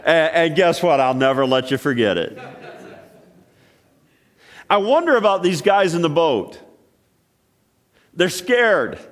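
A man preaching a sermon, telling stories and asking questions, swinging between loud exclaiming and hushed, quiet passages. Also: high-pitched. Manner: storytelling with repeated restarts and rhetorical questions. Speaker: pastor.

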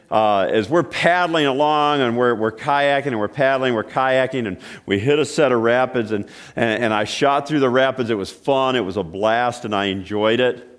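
A man preaching a sermon, telling stories and asking questions, swinging between loud exclaiming and hushed, quiet passages. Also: on the low side. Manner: storytelling with repeated restarts and rhetorical questions. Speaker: pastor.

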